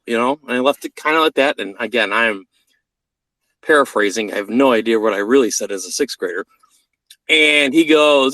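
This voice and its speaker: A man's voice: mid-range voice, normal speed, sharp tone, no room sound, poor audio. A man in his thirties telling a personal story in a blunt, profane way, acting out the quoted lines. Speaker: vlogger. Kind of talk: casual storytelling monologue.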